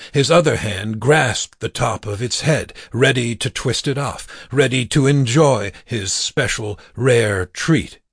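A man narrating an audiobook in a slow, measured reading. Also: medium pitch, no room sound, studio quality. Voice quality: gravelly, husky.

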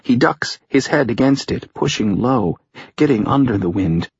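A man narrating an action story as an audiobook reader, in measured, dramatic scripted narration. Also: medium pitch, lively intonation, creaky, slightly rough, no echo, lo-fi sound.

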